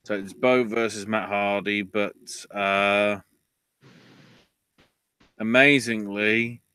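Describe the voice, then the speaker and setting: A man with a low-pitched but bright, forceful voice hosts a casual podcast recap. He rants freely and swears, and his voice shoots up when he gets riled. It is recorded close and dry. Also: fairly even intonation, slow, clean tone, no room sound. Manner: ranting, swears, voice jumps high when riled. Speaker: podcast host.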